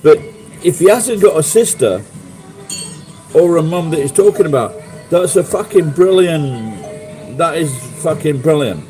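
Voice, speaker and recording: Faint music plays behind a middle-aged man from England whose Sheffield accent comes through as he hosts a casual livestream. His pitch is fairly high and his delivery animated yet a little slow, with a mellow tone, all on poor audio. He chats with viewers and rambles through sweary stories.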